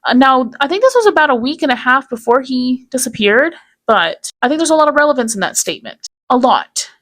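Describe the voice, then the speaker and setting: A woman's voice: sits high, big pitch swings, fast talker, fairly bright tone, dry recording. A woman giving casual commentary in a blunt, sarcastic way. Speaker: commentary YouTuber.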